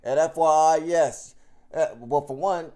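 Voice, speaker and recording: A man's voice: fairly high pitch, measured pace, darkish tone. A man ranting straight to his audience, heated and profane, rambling with many restarts. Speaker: YouTube commentator. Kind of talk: unscripted rant to camera.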